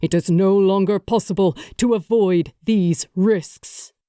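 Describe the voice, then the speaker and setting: A woman's voice: mid-range voice, slow, mellow, clear, resonant tone, dry recording, clean studio sound, close to an everyday voice. A woman reading an audiobook, voicing a grieving male warrior king giving an urgent, rallying speech to his army. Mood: urgent briefing.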